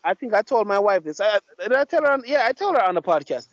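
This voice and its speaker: Man, podcast host, high voice, profane and blunt, dry dull recording. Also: big pitch swings, quick pace, no room sound. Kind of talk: casual podcast chat. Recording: dull lo-fi mic.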